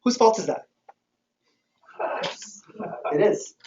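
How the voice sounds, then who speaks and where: A man giving an energetic motivational sales training talk to a live audience, often firing questions at the room. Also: high voice, quick pace, slight background noise. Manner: energetic, keeps quizzing the audience. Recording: roomy, distant, dull hall recording.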